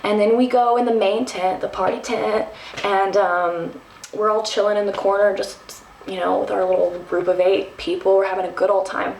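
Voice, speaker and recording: A young woman from Texas telling a travel story to the camera, animated and self-mocking, with lots of ums and restarts. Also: mid-range voice, normal speed, a little hiss or hum. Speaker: vlogger. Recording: roomy, from a distance.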